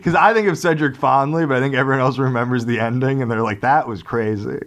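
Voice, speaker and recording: A man's voice: mid-range voice, quick pace, background noise. A man co-hosting a podcast, telling a story in casual comedic style, laughing often and acting out what people said. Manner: laughs often, animated, acts out quotes. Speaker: podcast co-host.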